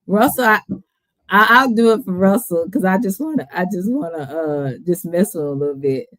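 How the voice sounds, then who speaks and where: Laid-back woman streamer, low voice. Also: normal speed, a bit bright, no echo. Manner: laid-back, chatty, laughs often. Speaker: livestream host. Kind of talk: casual livestream chat.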